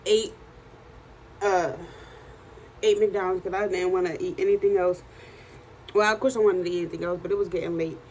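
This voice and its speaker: A woman in her thirties with a hoarse, worn-out voice, chatting in a casual video diary at home at night, tired and animated as she tells stories. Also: fairly low pitch, fairly quick, long pauses, a little hiss or hum, low-quality recording. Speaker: vlogger and journal author.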